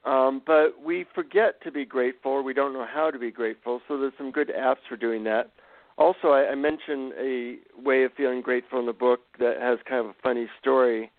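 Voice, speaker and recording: A man's voice: medium pitch, fairly quick, dry recording. Man telling a story over the phone. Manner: animated, self-deprecating anecdotes. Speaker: guest, psychotherapist and author. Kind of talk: conversational storytelling. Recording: dry, tinny phone-line sound.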